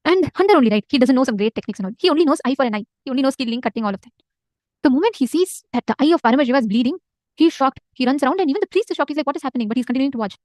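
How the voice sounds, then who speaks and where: A woman retelling a devotional legend in casual spoken style, animated and emphatic, repeating phrases for effect. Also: high-pitched, rapid-fire, dry recording. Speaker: storyteller in a spiritual session.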